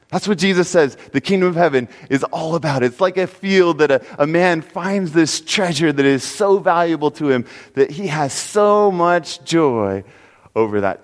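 A male pastor praying and then telling a story in a sermon, with animated, dramatic delivery. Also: on the high side, in a large hall.

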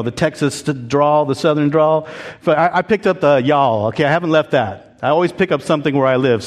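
A pastor with a fairly high-pitched voice preaches a sermon in a church, with big-room sound around him. His preaching is candid and conversational, and he invites the congregation to call back responses.

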